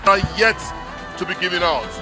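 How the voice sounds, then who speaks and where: A man's voice: sits high, lively intonation, moderate pace. A man emceeing a live event, cheerfully engaging the crowd and introducing a guest. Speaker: event host. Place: large event hall. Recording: live hall with music.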